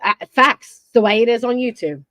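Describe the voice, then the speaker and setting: A woman's voice: on the high side, lively intonation, moderate pace, fairly bright tone, no echo. A woman commenting on a clip of an online argument in a reasoned, questioning way.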